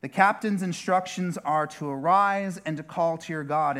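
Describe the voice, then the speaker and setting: A male pastor delivers a sermon in a loose, chatty way, often restarting his sentences and adding asides. His voice sits a little high for a man. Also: normal speed, few pauses, fairly bright tone.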